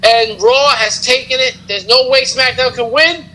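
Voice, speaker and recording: A man with a very high, sharp voice hosts a casual wrestling podcast, rambling through his recap with lots of fillers and jokes. A faint hiss sits under his voice. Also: steady tone, normal speed, rough recording. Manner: rambling, joking, many fillers. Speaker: podcast host.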